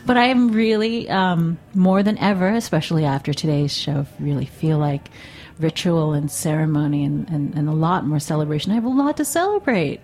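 Woman reverend host, talk show, heartfelt, effusive, somewhat low voice. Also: normal speed, a little mellow. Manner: effusive, heartfelt, laughs easily. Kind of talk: interview show hosting.

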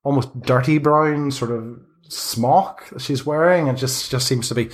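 A man narrating as game master for a tabletop game, halting and full of fillers. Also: medium pitch.

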